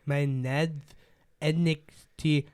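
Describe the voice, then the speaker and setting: A man doing a sinister, drawling villain voice, smooth and a little high, stretching every word out with deliberate pauses. It is a slow, theatrical mock-villain delivery. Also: fairly even intonation, darkish tone. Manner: drawn-out, deliberate, pausing delivery.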